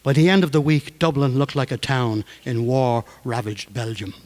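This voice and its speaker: A male storyteller on stage, narrating in a measured, dramatic way. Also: medium pitch, steady tone, darkish tone. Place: stage performance. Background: guitar.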